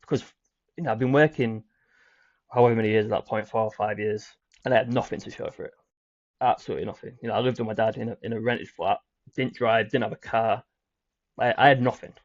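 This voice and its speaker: A young British man telling his own recovery story as a guest, in a halting way with repeated words and many fillers. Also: lowish voice, fairly even intonation, no echo. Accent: British English. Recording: dry, muffled audio.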